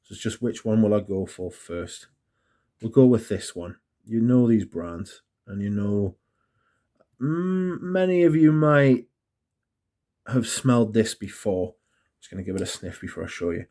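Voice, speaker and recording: A man talks through perfumes in a loose, rambling way, laughing at himself as he goes. His voice sits a little low. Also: expressive, a little slow, mellow. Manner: chatty, rambling, self-mocking. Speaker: fragrance reviewer. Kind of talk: casual review monologue.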